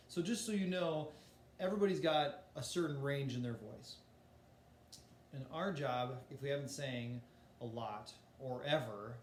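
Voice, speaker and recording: A man's voice: medium pitch, roomy sound, slight background noise. A man teaching a voice lesson in a casual, explanatory way, demonstrating breathing and singing exercises. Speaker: music teacher.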